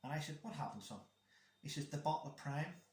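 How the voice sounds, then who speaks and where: A man's voice: a little high, expressive, a little fast, darkish tone, a little hiss or hum. A man chatting casually as a guest, telling a rambling story about his son and acting out the dialogue. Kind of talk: casual chat. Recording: echoey room.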